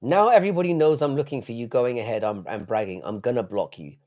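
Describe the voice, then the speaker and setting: A man's voice: mid-range voice, lively intonation, fast talker, darkish tone. Blunt, swearing man hosting a livestream. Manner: blunt, swears a lot, reads chat aloud. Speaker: livestream host. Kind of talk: casual live-stream chat.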